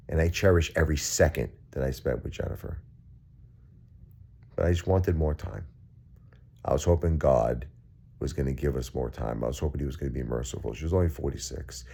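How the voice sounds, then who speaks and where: A man's voice: extremely low pitch, gravelly, mellow, slightly rough. A grieving man, talking straight to his viewers in an emotional vlog, repeating himself and pleading to be understood. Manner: repetitive, pleading, heartfelt, addresses viewers directly. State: grieving, subdued. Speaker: vlogger.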